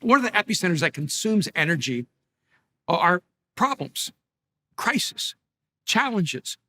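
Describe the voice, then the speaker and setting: A man's voice: sits high, sing-song, unhurried, pushed and bright. A middle-aged male pastor giving a conversational sermon, telling stories with humor and frequent restarts. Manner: storytelling with many restarts and self-deprecating humor.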